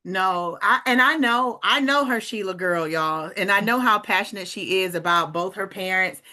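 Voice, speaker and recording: Bright-voiced hyped woman recruiter. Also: mid-range voice, moderate pace. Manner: hyped, addresses listeners as guys. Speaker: team leader hosting a recruitment call. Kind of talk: upbeat sales pitch.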